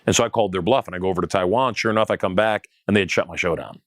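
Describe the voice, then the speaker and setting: A middle-aged man recounts his story as an interview guest in a low voice. He talks with animation and acts out the other people's lines. The sound is dry and close. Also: very fast, dry recording.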